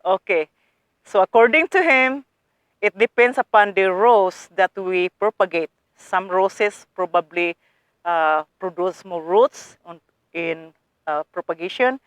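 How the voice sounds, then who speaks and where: With a fairly low voice and no room sound, a woman vlogs about her garden in a casual how-to style. She's eager and talkative, addresses her viewers as guys, and her phrasing is non-native.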